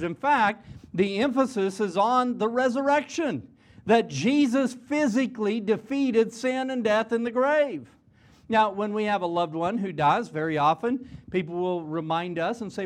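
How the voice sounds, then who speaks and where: A man's voice: high voice, animated, a little slow. A man, middle-aged or older, preaching an earnest chapel sermon to students, often repeating a word as he starts a phrase. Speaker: college president preaching in chapel. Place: chapel service before students.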